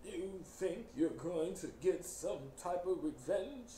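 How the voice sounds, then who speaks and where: A man putting on a slow, strained corporate villain. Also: high-pitched, animated, dark tone, reverberant. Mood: menacing. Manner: slow, drawn-out, strained delivery. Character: menacing older corporate man, halting speech.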